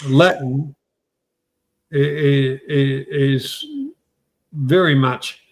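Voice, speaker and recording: An Australian man talks slowly as he hosts a casual live stream. He stops and starts, stammering and restarting his sentences, and swears in an offhand way. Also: medium pitch, steady tone. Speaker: stream host. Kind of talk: casual chat.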